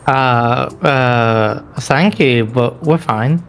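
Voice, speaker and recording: A man reading as a slow kindly father. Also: mid-range voice, a bit bright. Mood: courteous.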